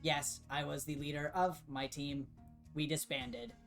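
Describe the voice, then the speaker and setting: A man plays a male robot scavenger in a tabletop game, pitched a little above his usual voice. He speaks stiffly and formally, never shortening his words. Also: steady tone, a little slow, fairly bright tone, faint music behind. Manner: stiff, formal speech without contractions.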